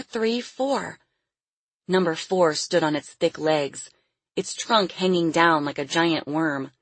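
An audiobook narrator, a woman, reads a storybook in a low, husky voice that is measured and expressive. The sound is close and dry, with no echo or room around it.

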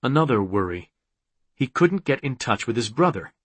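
A man narrating an audiobook in a measured, unhurried reading. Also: mid-range voice, big pitch swings, husky, no room sound. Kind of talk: scripted narration.

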